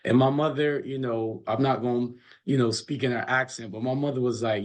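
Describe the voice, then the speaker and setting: A man's voice: medium pitch, fairly even intonation, a little fast. A man coaching college basketball, chatting casually and telling earnest stories, often repeating his words. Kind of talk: casual chat.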